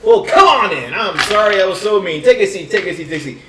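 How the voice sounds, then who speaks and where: Casting: a man doing a gruff, shouting village councilman, high and loud, echoey room. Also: sing-song, fast, over a noisy crowd. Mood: apologetic. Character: angry gruff male council member.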